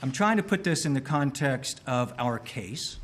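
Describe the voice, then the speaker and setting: A man's voice: medium pitch, animated, unhurried, slight background noise. A man in a courtroom questioning an expert witness carefully, restating questions with small restarts.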